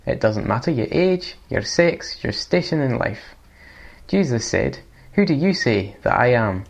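A man's voice: medium pitch, expressive, measured pace, gravelly. A man from England reading a podcast promo in a put-on Scottish accent. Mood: earnest.

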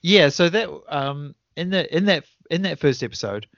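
A man running a relaxed podcast debrief for his tabletop group. He rambles, restarts his sentences and chuckles as he recalls old sessions. The sound is dry and a little dull. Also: a little high, moderate pace, no echo. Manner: rambling, self-correcting, chuckling. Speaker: game master and podcast host. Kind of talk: casual podcast debrief chat.

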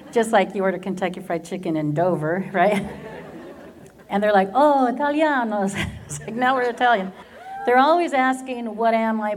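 An American woman in her fifties tells her faith story with plenty of humor, her voice breaking into laughter as she goes. She has a middle-pitched voice and the easy warmth of a personal testimony. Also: a little hiss or hum. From Southern California, USA. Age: 50s. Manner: humorous storyteller who laughs often through her stories. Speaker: speaker giving her testimony.

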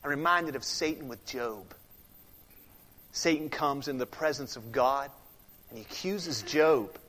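A man preaching a sermon as pastor, emphatic, swinging from loud declarations to hushed, intense passages, in a church sanctuary. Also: medium pitch, unhurried. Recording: long reverb of a large sanctuary.

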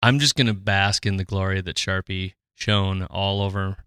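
A man co-hosting a podcast, chatting casually, excitable and jokey. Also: sits low, moderate pace, clear, resonant tone, no echo, studio quality. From Irish descent. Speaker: podcast co-host.

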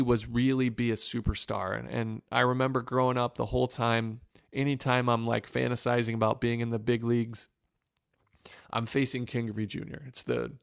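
A man from Northwest Ohio, a former pitcher, telling an earnest and emotional story in an interview. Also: vocal fry, clear, resonant tone, no room sound, clean studio sound. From Northwest Ohio, USA. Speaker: former professional baseball pitcher, guest.

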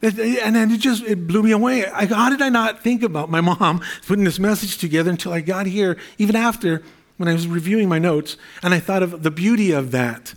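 A man's voice: high voice, a little fast. A middle-aged male pastor preaching a sermon in an earnest, conversational way, with fillers and repeated phrases.

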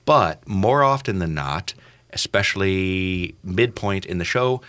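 Podcast host guy, low bright voice, jokey and rambly, lots of uhs. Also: expressive, takes it slowly. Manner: playful, rambling with many fillers. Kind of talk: casual chat.

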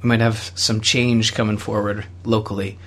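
A man's voice: fairly low pitch, flat delivery, normal speed, fairly bright tone. Rambling Canadian man, casual chat. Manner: rambling, many fillers and restarts. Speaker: podcast co-host.

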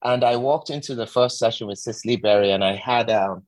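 A man, an actor, speaking in a conversational interview about his work, an animated storyteller who leans into his phrases. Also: on the low side, brisk, dry recording. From England. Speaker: actor and guest.

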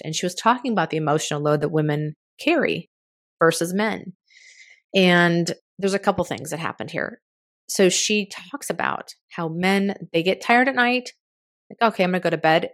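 Frank, frustrated woman in her fifties. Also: fairly low pitch. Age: 50s. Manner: candid and frustrated, with casual swearing. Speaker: podcast host. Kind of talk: solo podcast monologue.

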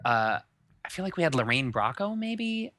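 Bright, dry-voiced male podcast co-host. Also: on the high side, normal speed, no room sound. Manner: animated, restarts sentences often. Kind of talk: casual chat.

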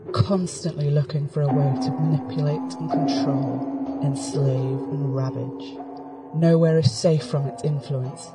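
Guy doing a flat ominous fantasy intro, loud music under it, sounds kinda far from the mic. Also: fairly high pitch. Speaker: narrator of a show intro. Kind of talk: dramatic scripted narration. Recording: music bed, voice from a distance.

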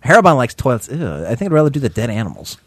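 A man's voice: medium pitch, big pitch swings, racing, slightly rough, no room sound. A man from Ohio co-hosting a casual chat show, blunt and joking as he reads questions and answers them. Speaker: podcast co-host. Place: Cleveland.

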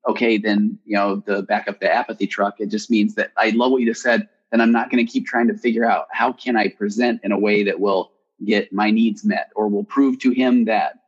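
A man's voice: fairly low pitch, steady tone, brisk, breathy edge. A man hosting a podcast who asks short, encouraging questions and reflects back what he hears. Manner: encouraging, reflective, brief prompts. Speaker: podcast host. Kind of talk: interviewer. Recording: dull, lo-fi remote audio.

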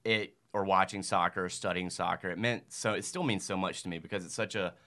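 A man's voice: low-pitched, fairly even intonation, fairly quick, sharp tone. A man in his thirties from Mississippi, a podcast guest chatting casually and earnestly, with many fillers like "like". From Mississippi, USA. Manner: earnest, rambling, heavy use of "like". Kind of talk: casual chat.

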